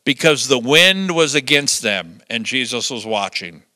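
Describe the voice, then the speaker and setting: A man's voice: mid-range voice, a little slow, no room sound. An older man preaching a sermon, telling stories with chuckles and acting out the quotes. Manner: lively storytelling with chuckles and acted-out quotes. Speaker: pastor.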